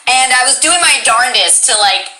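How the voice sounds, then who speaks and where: A woman's voice: high voice, animated, moderate pace, pushed and bright, low-quality recording. Bubbly, chatty woman livestream host. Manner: bubbly, chatty, swears casually. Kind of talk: casual livestream chat.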